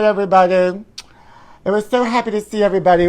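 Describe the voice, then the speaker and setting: A man's voice: high-pitched, steady tone, fast, darkish tone. A man in his forties hosting a live stream, campy and theatrical, calling viewers honey and whooping as he chats through their comments. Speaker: host.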